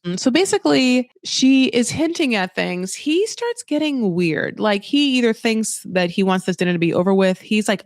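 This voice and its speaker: A man's voice: sits high, animated, moderate pace, gravelly, few pauses, dry recording, clean studio sound. A man hosting a casual reality TV recap podcast, chatty and sarcastic, acting out the people he talks about. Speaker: podcast host.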